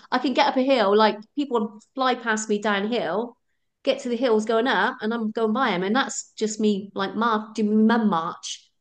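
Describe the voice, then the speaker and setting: A woman's voice: a little high, steady tone, a little slow. A middle-aged woman, a runner guest telling her stories in a chatty, laughing way. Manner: chatty, laughs often, acts out her own thoughts. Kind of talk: casual storytelling interview.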